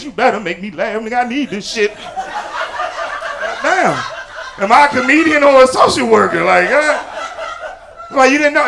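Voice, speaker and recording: A man doing live stand-up comedy on a theater stage, punchy and loud, then dropping low for asides. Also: noisy background. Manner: loud, punchy delivery with sudden drops to low confiding asides. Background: audience laughter.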